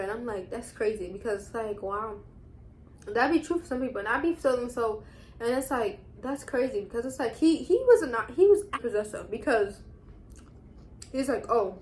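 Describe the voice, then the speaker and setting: A woman in her twenties, a vlogger casually chatting and rambling through a recap with quick asides. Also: a little high, darkish tone, slight background noise. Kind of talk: casual chat.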